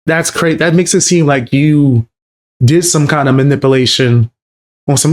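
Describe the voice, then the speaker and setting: A man's voice: a little high, moderate pace. A man streaming a casual live reaction to a video, blunt and slangy, calling things crazy and out of pocket.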